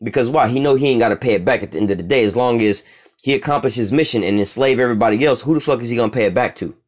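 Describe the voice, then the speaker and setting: A man giving casual, profane scripture commentary as a religious teacher, reading verses slowly and asking "all right?" again and again. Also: mid-range voice.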